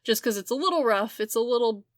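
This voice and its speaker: Young woman on a podcast, animated, talks in quick bursts, dry close sound. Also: fairly high pitch, dry recording. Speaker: podcast co-host. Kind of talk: casual chat.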